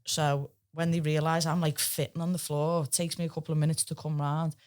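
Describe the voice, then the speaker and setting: A woman in her thirties with a Liverpool accent, a podcast guest telling stories in a casual, lively chat and swearing freely. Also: low voice, fairly quick, smooth. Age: 30s. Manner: lively, swears freely, acts out quoted voices.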